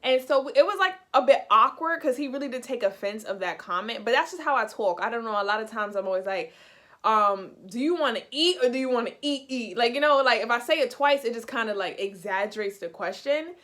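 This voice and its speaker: A young woman from the United States, chatty and animated, telling a casual storytime in a vlog. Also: on the high side, brisk. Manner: chatty, animated, heavy use of "like". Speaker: vlogger.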